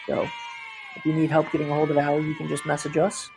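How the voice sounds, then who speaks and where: Brief: male play-by-play caller, high voice, joking and excitable, faint outdoor noise behind. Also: fast, vocal fry, crowd noise. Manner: chatty, jokey, bursts loud on big plays. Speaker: play-by-play announcer. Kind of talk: live sports commentary with sponsor reads.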